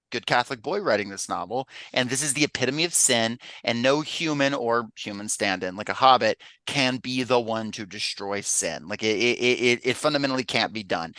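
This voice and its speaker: A man from the Southern US hosting a casual podcast and reading passages aloud. His voice is bright and forward, and the sound is dry and close. He talks in an animated way, full of fillers and laughter. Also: lowish voice, dry recording, poor audio. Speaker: podcast host.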